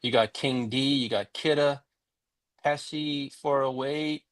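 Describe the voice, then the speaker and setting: A man on a podcast, running through a list in unhurried casual chat. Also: mid-range voice, fairly even intonation.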